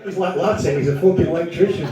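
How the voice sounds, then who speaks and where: Brash Northern comedian in an echoey room. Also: male voice, on the high side, fast talker, crowd noise. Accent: Northern English. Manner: brash, sweary banter with the audience. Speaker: stand-up comedian. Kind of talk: live stand-up set with crowd work. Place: comedy venue with a live audience. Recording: echoey live room, distant mic, audience laughter.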